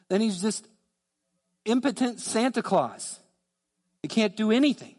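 A man preaching a sermon as pastor, emphatic and repetitive, dropping his voice low to stress key phrases, recorded in a church sanctuary. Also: animated, normal speed, pauses often, a little mellow. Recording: church hall with long reverb.

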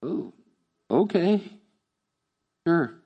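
High-voiced preacher in a reverberant church. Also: male voice, drawn-out words, breathy edge, lo-fi sound. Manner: conversational, animated, acts out voices. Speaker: pastor. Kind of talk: sermon.

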